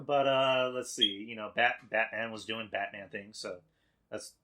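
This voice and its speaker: A man talking as a podcast guest in casual chat, animated and laughing often. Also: fairly low pitch, unhurried.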